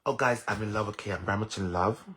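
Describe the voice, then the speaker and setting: Loud mocking Jamaican man, bright voice. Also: lowish voice, fast talker. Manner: loud, mocking, laughing, heavy cursing. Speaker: social media commentator. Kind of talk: livestream rant.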